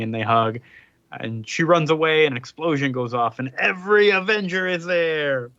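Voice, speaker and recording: A man's voice: fairly high pitch, moderate pace, sharp tone, dry recording, lo-fi sound. A man hosting a casual podcast chat, recapping a comic plot loosely with lots of fillers. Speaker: podcast host.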